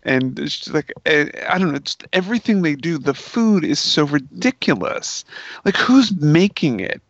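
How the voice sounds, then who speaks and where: A man's voice: fairly high pitch, big pitch swings, moderate pace, dry recording, lo-fi sound. A man in casual film chat, laughing often as he retells scenes.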